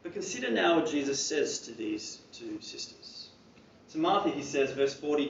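A man's voice: a little high, sing-song, moderate pace, gravelly, slight background noise. A man preaching a sermon in a church hall, talking in a conversational way with casual asides. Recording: roomy, distant and dull-sounding.

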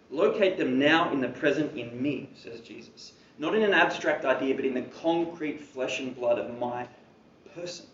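This preacher gives his church-hall sermon in a conversational manner, with offhand asides, speaking at an ordinary pitch. Recorded from a distance, he sounds set back and muffled, wrapped in a roomy echo and a faint ambient hum.

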